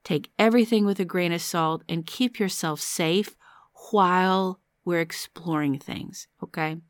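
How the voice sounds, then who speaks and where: A woman's voice: lowish voice, measured pace, dry recording. A woman therapist speaking casually about her own parts work, chatty and self-deprecating, often laughing as she talks. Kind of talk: casual personal podcast monologue.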